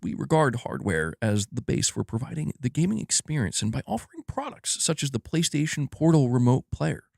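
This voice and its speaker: A man putting on a formal corporate executive, speaking in a slow, careful, hushed manner. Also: mid-range voice, vocal fry, dry recording, clean studio sound. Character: middle-aged male corporate executive, measured and formal.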